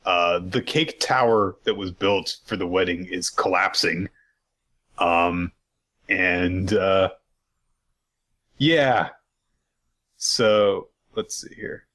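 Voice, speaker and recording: Low-ish guy rambling through a recap on a podcast, lots of ums, swears for fun. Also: extremely slow, long pauses, pushed and bright. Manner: loose and rambling, many fillers, jokey profanity. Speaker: podcast co-host. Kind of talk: casual recap chat.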